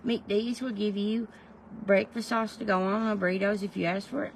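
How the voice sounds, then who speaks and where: A woman's voice: mid-range voice, fairly even intonation, moderate pace, gravelly, slight background noise. A woman chatting casually on a livestream, answering viewers by name in a folksy way. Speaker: livestream host. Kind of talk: casual livestream chat, reading viewer comments.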